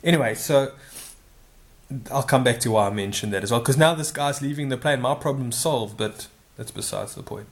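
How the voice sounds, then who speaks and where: A man's voice: medium pitch, moderate pace. A man casually telling a long personal anecdote, rambling and correcting himself with frequent asides. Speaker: storyteller.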